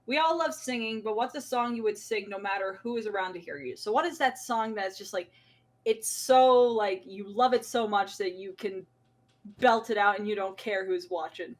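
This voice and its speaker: A woman hosting a casual podcast chat, animated and quick to laugh, restarting her sentences as she talks. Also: medium pitch. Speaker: podcast host.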